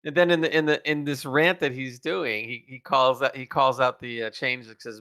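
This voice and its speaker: Podcast co-host, male, lively and laughing, crisp bright timbre at medium pitch. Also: fairly quick, few pauses. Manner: enthusiastic, laughs often. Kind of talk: casual review chat.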